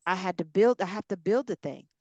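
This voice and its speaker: A woman's voice: mid-range voice, expressive, a little fast, a little mellow, dry recording, lo-fi sound. A woman, a ministry coach preaching in an encouraging way on a group call, repeating phrases and calling her listeners y'all. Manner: repetitive, exhorting, addresses listeners as y'all.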